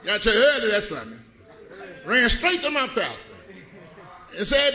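A middle-aged man preaching a sermon, telling a comic story in a folksy, animated way with loud bursts. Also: high-pitched, normal speed, long pauses, roomy sound. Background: congregation laughing.

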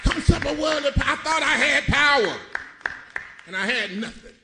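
A middle-aged man preaching a sermon, telling stories, swinging between laughing asides and shouted points. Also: very high-pitched, normal speed, noisy background. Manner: animated, shouting and laughing with the congregation. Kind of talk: sermon storytelling. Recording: church congregation audible. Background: live congregation.

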